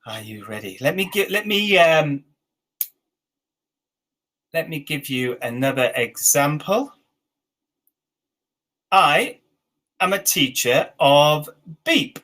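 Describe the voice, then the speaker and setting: A man in his forties with an English accent, leading an online teacher training session with slow, clear dictation and encouraging feedback. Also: on the high side, big pitch swings, bright, forceful tone, poor audio. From England. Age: 40s.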